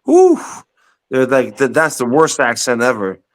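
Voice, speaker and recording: A man's voice: mid-range voice, normal speed, fairly bright tone. Laid-back man saying "bro" a lot. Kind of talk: casual chat.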